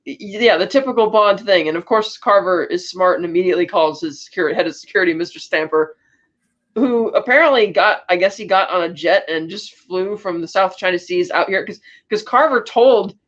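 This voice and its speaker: A woman on a podcast walks through a spy movie scene by scene in a loose, chatty way, dropping in quoted lines. Her voice sits mid-range for a woman. The sound is a little dull and lo-fi. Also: medium pitch. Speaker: podcast co-host. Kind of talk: casual podcast movie recap.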